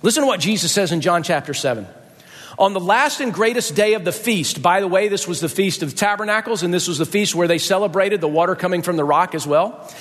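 A male pastor preaching a sermon, emphatic and rising sharply in pitch to stress points. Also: animated, fairly quick, fairly bright tone, in a large hall.

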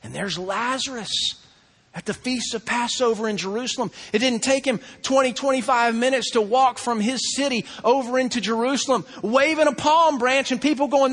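A man preaching a sermon, acting out crowd voices and swinging between loud excitement and hushed intensity. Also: very high-pitched, normal speed. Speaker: pastor.

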